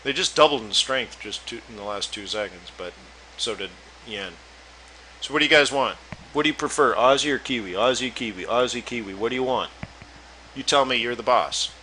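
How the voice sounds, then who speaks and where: Bright-voiced man hosting a trading room. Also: medium pitch, fairly quick, slight background noise, poor audio. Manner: loose, chatty, talks to viewers directly. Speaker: forex trading room host. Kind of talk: live trading webinar chat.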